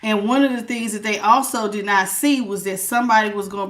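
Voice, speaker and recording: A woman doing a casual live tarot reading, chatty and lively, calling her viewers baby and honey. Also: medium pitch, brisk, few pauses. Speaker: tarot reader.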